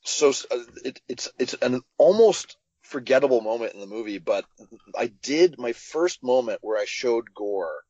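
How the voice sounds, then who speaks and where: A man's voice: medium pitch, moderate pace, no echo. Lo-fi man recounting a film shoot. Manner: animated storyteller, many fillers and restarts. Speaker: film director guest. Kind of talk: podcast interview.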